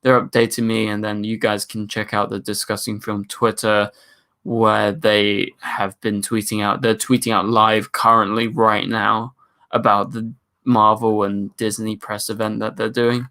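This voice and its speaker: Chatty man hosting a bright live stream. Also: lowish voice, level tone, measured pace. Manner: chatty, reads viewer comments aloud and jokes around. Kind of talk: casual live stream chat.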